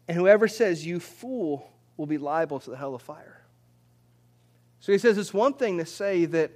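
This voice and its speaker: Pastor, male, high-pitched voice, conversational sermon delivery with repeated words and rising emphasis. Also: darkish tone.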